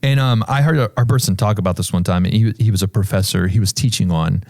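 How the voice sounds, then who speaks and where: A man's voice: fast, dry recording, studio quality. A man talking about faith on a church podcast, telling a story and acting out the people in it with sudden jumps in his voice. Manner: animated storyteller, acts out voices with big pitch jumps. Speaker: pastor. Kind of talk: casual church podcast conversation.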